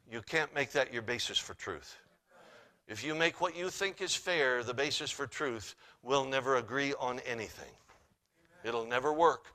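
A male pastor, preaching and telling a story, who swings between loud emphasis and hushed asides. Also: medium pitch. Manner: laughs while telling the story. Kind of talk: sermon with storytelling.

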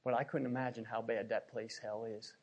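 A middle-aged man from Pennsylvania preaching a sermon, telling a personal story with emotion and repeating his words as he swings from hushed to loud. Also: medium pitch, little pitch movement, fairly quick, lo-fi sound.

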